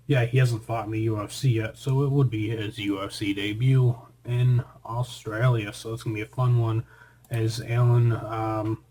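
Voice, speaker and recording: A man's voice: mid-range voice, dark tone. A man hosting a casual fight prediction show, chatty and rambling, with joking asides to his co-host.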